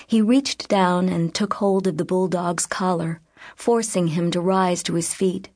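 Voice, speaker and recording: A woman narrating an audiobook in a measured, even reading voice. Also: lowish voice, dry recording, studio quality. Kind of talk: scripted narration.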